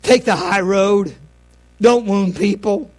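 High-voiced folksy male preacher. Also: steady tone, takes it slowly. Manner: folksy preaching, swings between loud and hushed. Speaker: pastor. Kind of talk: sermon.

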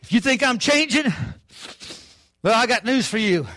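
An older man, preaching a sermon with fervor that rises to shouts. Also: extremely high pitch, lively intonation, moderate pace, no room sound. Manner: fervent, rising to shouts, southern-style preaching. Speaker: pastor.

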